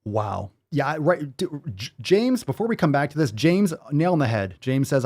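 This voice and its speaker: A man's voice: on the high side, very animated, moderate pace, hardly any pauses, a little mellow. A man hosting a fitness show, ranting with sarcastic, profane disbelief in live-stream commentary. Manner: sarcastic, profane, incredulous rants.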